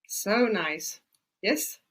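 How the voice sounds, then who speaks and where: A woman's voice: medium pitch, expressive, very slow, fairly bright tone. A middle-aged woman from Sweden, a native Swedish speaker, hosting a webinar as an Ayurvedic practitioner, chatty with many fillers. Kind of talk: casual webinar talk.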